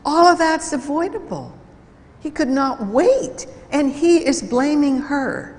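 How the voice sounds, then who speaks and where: A woman giving an instructive talk at a church, measured and deliberate, illustrating points with stories. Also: high voice, animated, darkish tone, long reverb tail. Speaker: speaker at a church program. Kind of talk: lecture-style talk with anecdotes.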